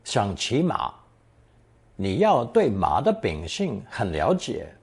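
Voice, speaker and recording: Slow, husky male language teacher. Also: fairly low pitch, wildly swooping pitch, a little mellow. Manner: reads example sentences slowly, then translates each into English. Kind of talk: recorded Chinese lesson narration.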